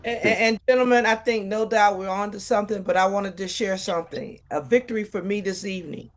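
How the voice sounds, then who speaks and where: A woman, a state representative on a community panel, with a mid-range voice. She speaks briskly and in a friendly way. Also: medium pitch.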